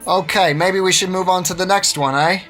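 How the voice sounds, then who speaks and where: A man's voice: sits high, steady tone, brisk, fairly bright tone, faint music behind. A man co-hosting a casual word quiz, joking around and slipping in and out of mock accents. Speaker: co-host of a word quiz stream. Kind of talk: casual chat.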